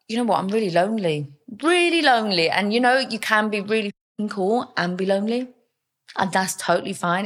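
A woman's voice: mid-range voice, creaky. A young woman speaking frankly and chattily as an interview guest, with plenty of fillers. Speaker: podcast guest, mother. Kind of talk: candid interview storytelling.

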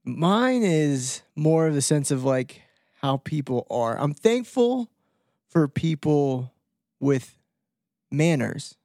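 A man co-hosting a relaxed podcast chat, his slightly high voice wandering through thoughts full of "um" and "like." The recording is dry and close. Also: dry recording. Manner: rambling, halting with many fillers and restarts. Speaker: podcast co-host. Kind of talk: casual chat.

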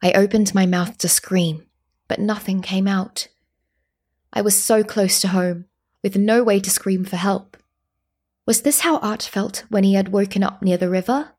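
A woman reading a story in the first person, with a calm, steady reading manner. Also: medium pitch, a little slow, slightly rough. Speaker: narrator.

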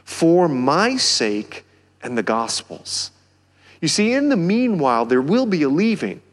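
Brief: Southern male pastor, lively swooping delivery, slightly high voice, preaching in a reverberant church. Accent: American Southern. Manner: animated, rising to near-shouts on key phrases. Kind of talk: sermon. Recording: long hall reverb.

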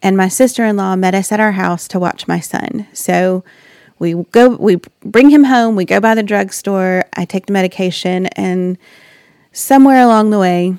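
Woman, earnest, reflective, faith testimony, gravelly voice, dry close sound. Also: mid-range voice, moderate pace, no echo. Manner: earnest, reflective, with soft laughs. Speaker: wife and mother sharing a personal story.

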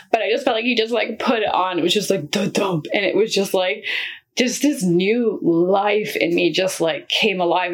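A woman's voice: fairly low pitch, creaky, fairly bright tone, husky. A young woman sharing her personal faith testimony in an earnest, rambling way, full of fillers.

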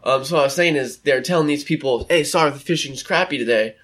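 A man's voice: on the high side, fast talker, fairly bright tone. Rambling young man chatting casually. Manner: rambling, chatty, acts out quotes. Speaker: vlogger. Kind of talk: casual chat. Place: indoor room by a window.

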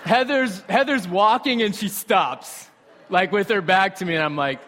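Lively young man preaching in a hall. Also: high-pitched, moderate pace, a little hiss or hum. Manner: animated storytelling, conversational asides to the congregation. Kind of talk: sermon. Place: church sanctuary. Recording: reverberant hall.

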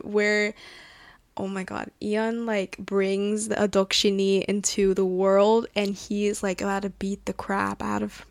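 A woman's voice: mid-range voice, no room sound. A woman hosts her own podcast in a casual, gushing way, full of laughs and fillers. Her voice sits in the middle of the range for a woman. The sound is close and dry, recorded indoors at a table. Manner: gushing, excitable and chatty, with frequent laughs and fillers. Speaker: podcast host. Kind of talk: casual solo podcast chat.

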